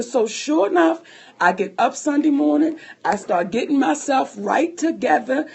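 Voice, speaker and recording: A woman co-hosting a podcast, telling a personal story in an animated, profane way and laughing often. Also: high voice, a little slow, gravelly. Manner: speaks to listeners as sisters. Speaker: podcast co-host.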